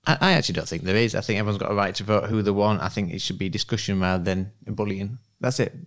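A man's voice: lowish voice, fast talker. A man hosting a casual podcast, blunt and jokey, given to swearing. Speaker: podcast host. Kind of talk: casual chat.

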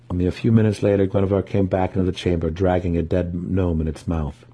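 Low, husky-voiced male storyteller. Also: flat delivery, fast talker, few pauses, mellow. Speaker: audiobook reader. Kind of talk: fantasy novel reading.

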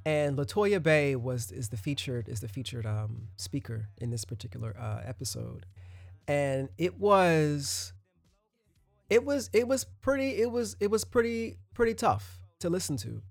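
Gravelly man chatting on a podcast. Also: fairly high pitch, lively intonation, measured pace, dry recording. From United States. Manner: loose and conversational, many restarts and asides. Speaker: podcast host. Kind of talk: casual solo podcast monologue.

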